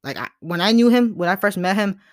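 A man's voice: high voice, animated, brisk, no room sound, clean studio sound. A young man hosting his own podcast, talking in a rambling, earnest way with lots of restarts, his voice sometimes breaking with emotion. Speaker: podcast host. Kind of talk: casual solo podcast monologue.

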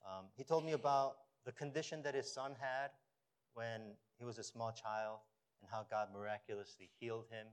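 A man preaching a sermon as pastor of his church, animated, rising to emphatic peaks and dropping to a low storytelling voice. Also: normal speed, smooth.

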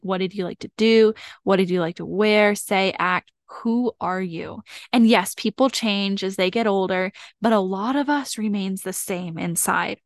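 A woman's voice: mid-range voice, no echo, clean studio sound. A woman hosting a solo self-help podcast, talking casually with lots of "like" fillers in a direct, encouraging way. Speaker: podcast host.

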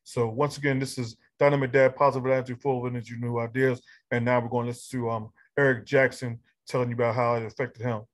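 Flat-voiced podcast host, a man. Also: mid-range voice, fast, few pauses. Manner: loose, with fillers and restarts. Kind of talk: podcast introduction.

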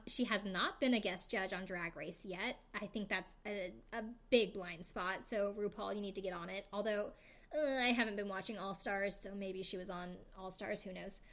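A young adult woman hosts a podcast in a relaxed, chatty way. She rambles through a recap with plenty of fillers and playful side comments, keeping it casual and conversational. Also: medium pitch. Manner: chatty, filler-heavy, jokey asides. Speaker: podcast host.

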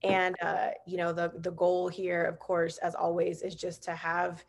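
A woman's voice: fairly low pitch, completely flat delivery, unhurried, vocal fry. A woman hosting a podcast over a video call, chatty and laughing, full of "like" fillers. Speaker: podcast host. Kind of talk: casual video-call interview.

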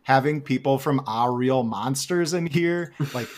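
A man with a Wisconsin accent talking casually on a gaming podcast, animated and quick to laugh, with plenty of fillers. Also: mid-range voice. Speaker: podcast host. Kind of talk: casual chat.

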